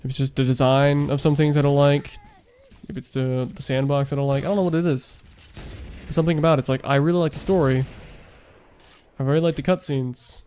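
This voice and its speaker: A man's voice: mid-range voice, steady tone, brisk, warm tone, slight background noise. Rambling young man streaming late. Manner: rambling, heavy on fillers. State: voice worn out late at night. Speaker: streamer and game developer. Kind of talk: casual gaming stream chat.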